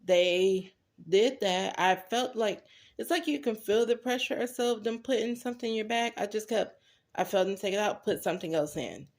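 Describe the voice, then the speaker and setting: A woman's voice: medium pitch, moderate pace, a little mellow. A young woman casually telling her own story to viewers, chatty and direct, acting out what others said. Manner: chatty, addresses viewers as y'all, acts out quoted voices.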